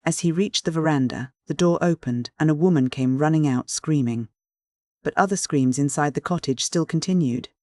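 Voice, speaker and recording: An audiobook reader giving a steady, even narration of a classic mystery novel. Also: mid-range voice, moderate pace, no room sound, clean studio sound. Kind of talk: scripted narration.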